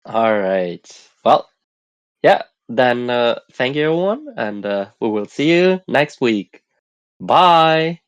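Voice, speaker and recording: A man hosting a casual stream chat while sick, relaxed and halting with many fillers. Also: mid-range voice, clear, resonant tone, dry recording, dull audio. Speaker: host.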